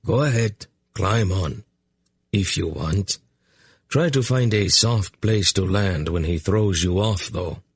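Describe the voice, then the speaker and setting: A male audiobook narrator voicing a stern, cautious warrior and horse trainer with a gruff, warning manner. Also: deep voice, slow, dry recording, clean studio sound, heavily acted.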